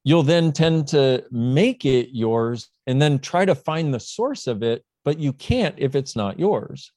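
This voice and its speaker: Lively man with a dry close sound. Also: mid-range voice, slow pace, dry recording. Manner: lively, jokey, acts out dialogue. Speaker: guest. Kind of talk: casual explanatory talk.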